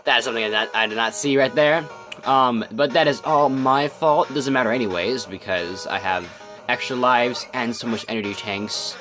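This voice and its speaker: A man's voice: medium pitch, moderate pace, pushed and bright, soft background music. A young man giving casual gameplay commentary, rambling with many ums and restarts, his voice scratchy from just waking up. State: just woke up, scratchy morning voice. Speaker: let's play host.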